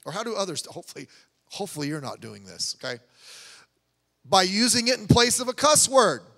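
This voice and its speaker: A man delivers a sermon in a church sanctuary, his voice pitched high and ringing bright. He preaches in a loose, conversational way, full of asides and restarts. A long reverb from the hall trails his words. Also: expressive, fairly quick. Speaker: pastor.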